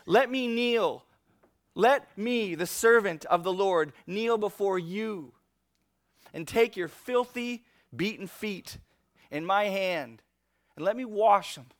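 A man voicing Jesus as a gentle savior who speaks to the listener with tenderness and pleading. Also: mid-range voice, lightly acted. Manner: tender, pleading, drawn-out delivery.

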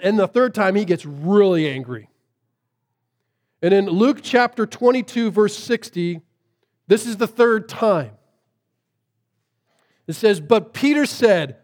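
A man preaching a sermon as a pastor, shifting from lively storytelling to hushed, earnest emphasis. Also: high-pitched, slow pace, long pauses.

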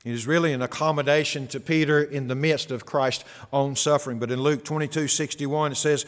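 A man's voice: medium pitch, a little fast, hardly any pauses, big-room sound. A man preaching an expository sermon, earnest and emphatic, often repeating his key phrases.

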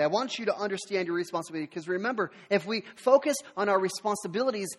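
A man in his thirties preaching a sermon, telling family stories with animated delivery and acting out the voices. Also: sits high. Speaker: pastor. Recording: reverberant hall.

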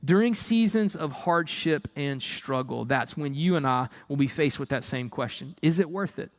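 A man's voice: on the high side, normal speed. A man preaching a sermon, firing rhetorical questions and acting out the people he quotes. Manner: animated, rhetorical questions, acts out quoted voices. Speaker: pastor.

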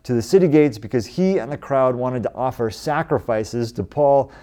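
A man's voice: mid-range voice, normal speed, mellow. A man in his forties from the United States preaching a sermon in a conversational way, lifting his voice when he quotes scripture. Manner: conversational, rising with emphasis when quoting scripture. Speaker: pastor.

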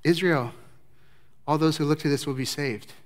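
A middle-aged male pastor preaching a sermon, telling the story with lively emphasis that drops to soft, low passages. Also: normal speed.

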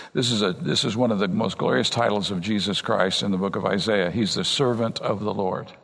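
An older man from California preaching a sermon as a pastor, talking conversationally and swinging between emphatic high points and low, quiet asides. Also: gravelly, slightly rough. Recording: long reverb of a large hall.

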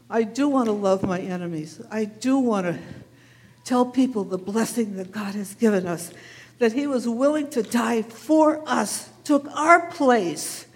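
A woman's voice: medium pitch, darkish tone, big-room sound, lightly acted. A woman acting as a humble shepherd who tells children an earnest first-person story in church. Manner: earnest, tearful in grief. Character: humble shepherd telling his Easter story. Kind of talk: first-person dramatic monologue. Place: church sanctuary.

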